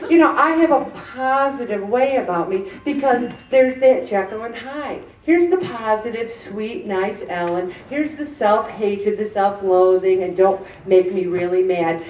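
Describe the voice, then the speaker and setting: A woman giving an animated, joking, self-deprecating faith talk to a group. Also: mid-range voice, unhurried, hardly any pauses. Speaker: speaker addressing a group. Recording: echoey room, mic at a distance.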